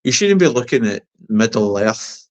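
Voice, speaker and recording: A man's voice: mid-range voice, very animated, moderate pace, highs cut off. Tipsy scottish guy rambling over beers, swears a lot, keeps repeating himself. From Scotland. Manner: sweary, rambling, emphatic repetition. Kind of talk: casual chat over beers.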